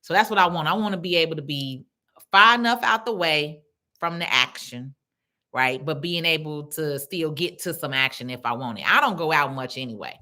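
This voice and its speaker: Chatty woman, low bright voice. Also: normal speed. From Chicago. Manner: chatty, animated, reads comments aloud. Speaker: livestream host. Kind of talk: casual chat reading viewer comments.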